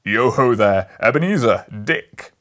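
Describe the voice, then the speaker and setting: A man's voice: medium pitch, animated, measured pace, a bit bright. A man voicing a jovial, stout old merchant with a rich, oily voice, calling out heartily in a storybook reading. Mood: hearty.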